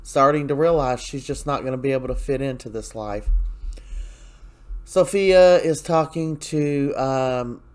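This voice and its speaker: A man's voice: medium pitch, unhurried, darkish tone, faint music behind. Chatty man recapping a soap episode. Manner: chatty and opinionated, with frequent fillers and asides. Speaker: soap opera recap host. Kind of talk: casual spoken episode recap.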